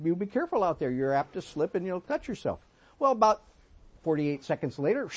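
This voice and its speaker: High-voiced man in his sixties preaching. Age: 60s. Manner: folksy storytelling, swinging between emphatic and soft. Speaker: pastor. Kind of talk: sermon.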